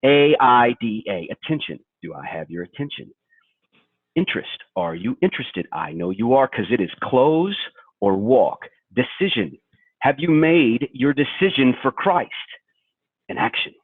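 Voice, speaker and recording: A man's voice: mid-range voice, very animated, measured pace, slightly rough, no echo, pitched above the performer's own voice, heavily acted. A man doing a barking pushy sales boss. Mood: hard-selling. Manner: barking, pushy, punchy drill. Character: impression of an aggressive male film sales boss ranting. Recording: tinny phone-like webinar audio.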